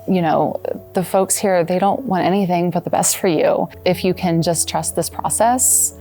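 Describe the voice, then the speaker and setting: A woman in her thirties giving a personal testimonial, earnest and halting, with soft restarts. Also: on the low side, faint music behind. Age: 30s. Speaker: former patient giving a testimonial.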